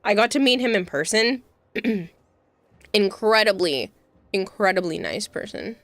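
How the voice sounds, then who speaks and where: A young woman streamer chats casually, spinning anecdotes with bursts of laughter and quick side remarks. Her pitch sits in the middle of the usual range. The sound is dry and close, with little room around it. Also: no echo. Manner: animated, laughs often, quick asides. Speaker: livestream host. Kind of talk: casual storytelling chat.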